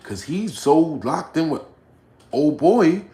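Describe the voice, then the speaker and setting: A man's voice: very animated, slow, echoey room. Blunt, profane man ranting on livestream. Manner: swings between low mutters and loud outbursts. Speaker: livestream host reading chat. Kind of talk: casual livestream rant.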